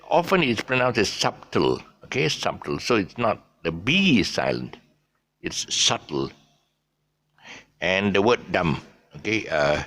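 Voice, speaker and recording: Man, middle-aged, Malaysian English accent, lively swooping intonation, chatty pronunciation teacher. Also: deep voice, creaky. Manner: chatty, repeats words, chuckles between examples. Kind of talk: casual spoken lesson.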